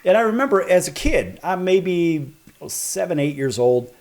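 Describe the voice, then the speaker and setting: A man from the Chicago area hosting a broadcast talk show, telling a story in an animated, chatty way. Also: high-pitched, measured pace, a little hiss or hum.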